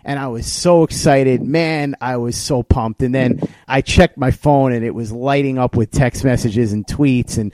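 A man hosting a podcast, telling a story in an excited, animated way to his co-host. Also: medium pitch, unhurried, no echo. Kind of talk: casual podcast chat.

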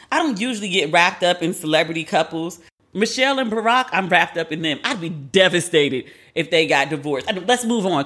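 Chatty, candid woman podcast host. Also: on the low side. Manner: chatty, candid, profane, animated. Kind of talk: casual solo commentary.

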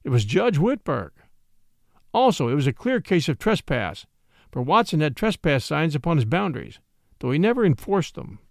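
A man narrating a classic short story with expressive, lively storytelling. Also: a little high, normal speed, vocal fry, dry recording, clean studio sound. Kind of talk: audiobook narration.

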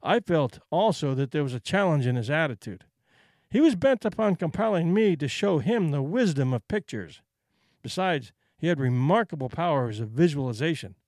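A man narrating a short story with a measured, expressive delivery in a dry recording. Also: fairly high pitch, no room sound.

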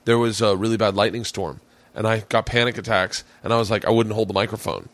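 A man's voice: on the low side, steady tone, fast, fairly bright tone, no echo. A man hosting a podcast from his man cave, swapping loose, profane stories in casual chat. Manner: rambling storyteller, profane, jokey. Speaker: podcast host.

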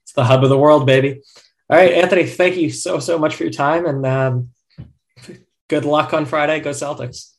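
A man's voice: fairly high pitch, steady tone, moderate pace. Upbeat man hosting a sports chat. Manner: laughs often, upbeat banter. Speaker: podcast host. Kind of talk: casual sports podcast chat.

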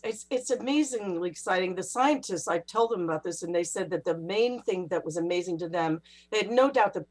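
A woman's voice: on the low side, a little fast, few pauses. A woman, a guest author, telling stories in a casual interview and acting out what others said. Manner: animated, acts out quoted voices.

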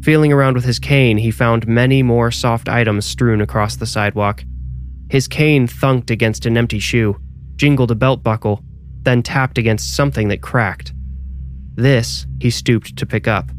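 A man narrating a scripted horror story in a measured, even storytelling way. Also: medium pitch, soft background music.

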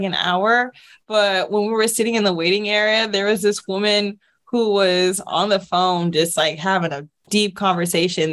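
A young woman co-hosting a podcast, telling a story in a casual, chatty way full of fillers and quick laughs. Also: mid-range voice, a bit bright. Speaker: podcast co-host.

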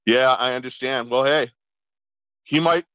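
A man's voice: medium pitch, measured pace, a bit bright, clear, resonant tone, dry recording, lo-fi sound. A man co-hosting a casual chat, reacting with enthusiasm and sharing memories. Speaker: co-host.

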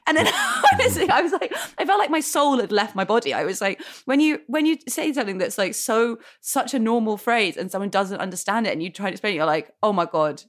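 A woman's voice: a little high, fast, few pauses. A woman guest on a podcast, telling funny stories in casual chat, with lots of restarts and laughing asides. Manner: chatty, many restarts, animated laughing asides.

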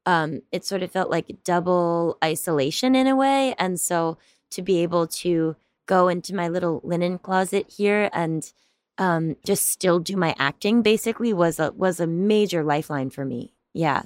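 A young adult woman comedian and actor speaks in a slightly low register, recorded close and dry with no room sound. Her talk wanders through fillers and restarts. She laughs easily as she goes. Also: normal speed, no echo. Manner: rambling, filler-heavy, often laughing. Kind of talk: casual interview chat.

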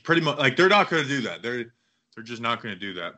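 A man hosting a casual sports podcast, talking in a rambling, excitable way and acting out other people's quotes. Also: medium pitch, quick pace. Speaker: podcast host.

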